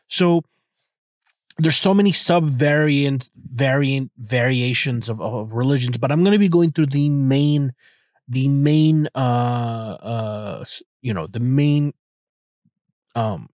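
Podcast host, young man, mid-pitched, talks from his car, loose and joking, lots of restarts. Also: measured pace, a little mellow, no echo, studio quality. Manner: rambling, irreverent, joking, many restarts. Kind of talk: casual solo podcast monologue. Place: inside a car.

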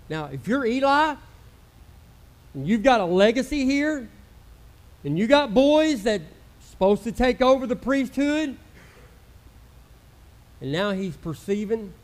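A male pastor preaching a sermon with passion, swinging from loud outbursts to hushed, intimate murmurs and acting out the voices of doubters. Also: sits high. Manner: acts out quoted voices of doubters.

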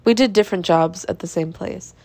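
A young woman hosting a podcast, telling a story in a casual, chatty monologue with swearing, sighs and laughs, exasperated and animated. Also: lowish voice, fairly quick, dry recording. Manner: animated, exasperated, drops to mutters. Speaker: podcast host.

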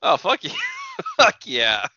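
A man's voice: sits high, huge pitch swings, takes it slowly, pushed and bright, breathy edge, no room sound, shouting. A man co-hosting a podcast in casual, crude banter. He rambles eagerly and laughs easily. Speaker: podcast co-host. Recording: dull lo-fi dry sound.

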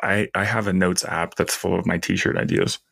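Low-voiced man chiming in. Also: steady tone, gravelly, fairly bright tone, husky, no room sound, clean studio sound. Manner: quick reactive interjections and asides. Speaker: podcast co-host. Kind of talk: casual chat.

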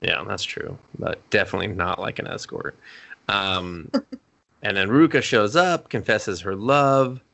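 A man co-hosting a podcast, recapping an anime episode in casual chat and acting out characters' lines in higher voices. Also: unhurried, gravelly, bright, forceful tone. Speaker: podcast co-host.

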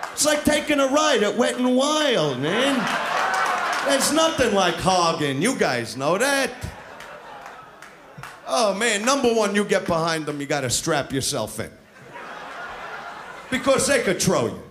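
This live club recording, complete with crowd laughter, catches a male comedian doing stand-up with brash, crude swagger. He speaks at normal speed in a voice that sits high and swings widely in pitch, over background noise.

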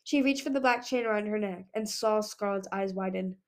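A woman's voice: medium pitch, fairly quick. A woman narrating a fantasy novel as an amateur audiobook reader, stumbling and restarting words now and then. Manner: reads with frequent slips and restarts.

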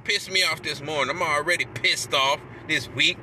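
A man hosting his podcast, delivering a heated, profane rant that keeps bursting into shouts. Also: on the high side, normal speed, a little hiss or hum. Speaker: podcast host.

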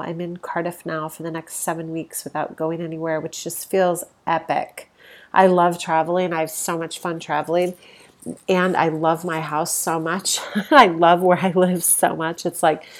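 On her home-recorded spiritual podcast, a stuffy-nosed woman talks in a lowish voice. The yoga teacher and host is enthusiastic and laid-back, with soft laughs and plenty of fillers.

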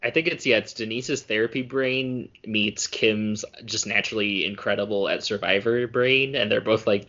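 Laughing, chatty man with a low voice. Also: fairly even intonation, moderate pace, bright, forceful tone, highs cut off. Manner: laughs often, chatty with many fillers. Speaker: podcast co-host. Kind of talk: casual chat.

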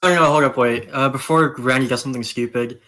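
Young man player with a bright voice. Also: mid-range voice, steady tone, a little fast. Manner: swearing, loud. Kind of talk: casual game banter.

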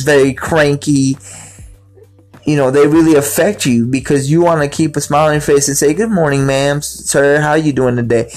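A man's voice: on the high side, darkish tone. A man talking casually about his own life, rambling and repeating words, with faint music in the background. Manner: rambling, repeats words, acts out quoted greetings. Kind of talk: casual personal talk.

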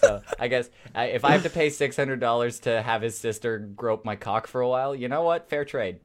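A man's voice: mid-range voice, a little fast. Give me a man co-hosting a casual podcast, rambling and cursing as he tells stories. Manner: rambling storyteller, lots of cursing and restarts. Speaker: podcast co-host.

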